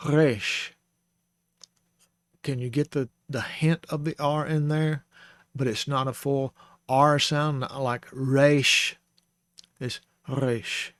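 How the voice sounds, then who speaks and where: Speaking at a medium pitch, a Bible Hebrew teacher walks through the Hebrew alphabet in an informal lesson, patiently spelling out sounds and correcting himself along the way. He's recorded on a close microphone, and the studio sound is clean with no room ambience.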